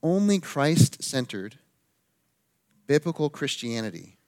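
A man preaching a sermon in an earnest, emphatic way, slowing down to stress key phrases. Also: mid-range voice, clear, resonant tone.

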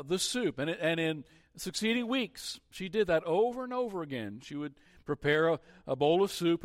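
A man preaching a sermon as pastor, earnest and measured, often pausing on "uh" and restarting his phrases. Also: fairly high pitch, no echo, clean studio sound.

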